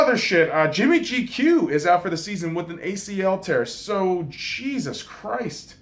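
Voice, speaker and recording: Young guy ranting about sports on his podcast, swears a lot, voice bounces up and down all over. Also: a little high. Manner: profane, excitable, loud swings in volume. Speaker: podcast host. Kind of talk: casual sports talk monologue.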